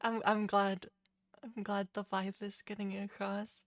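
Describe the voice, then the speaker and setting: Slow, chatty woman streamer. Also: mid-range voice, little pitch movement, slight background noise. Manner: chatty, self-deprecating, laughing, hesitant restarts. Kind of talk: casual live-stream commentary.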